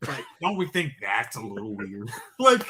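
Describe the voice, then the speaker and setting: A man's voice: mid-range voice, big pitch swings, normal speed, fairly bright tone, slight background noise. A man co-hosting a podcast in casual chat, rambling with lots of fillers and venting in exasperation. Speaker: podcast co-host.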